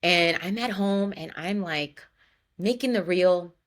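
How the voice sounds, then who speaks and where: A woman's voice: lowish voice, slow. A woman hosting a personal podcast, telling a candid story in a chatty way full of "like" and "you know". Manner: candid and emotional. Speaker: podcast host.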